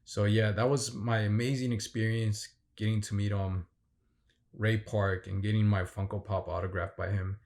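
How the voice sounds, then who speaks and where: A man with a very low, gravelly voice tells the story of a fan signing in a loose, excited vlog. He rambles, restarts often and leans on fillers as he goes. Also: moderate pace. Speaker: vlogger. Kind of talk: casual vlog recap.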